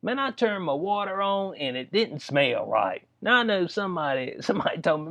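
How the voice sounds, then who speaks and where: A man's voice: a little high, very animated, moderate pace, creaky, hardly any pauses, highs cut off. A man giving casual, rambling commentary on news stories, full of slang and frequent laughter. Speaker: political commentary vlogger.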